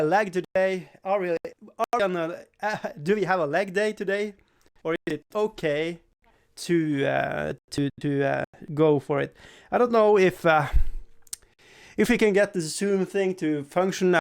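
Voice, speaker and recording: A man hosting a casual live stream, rambling, laughing often and swearing playfully while he reads the chat. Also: high-pitched.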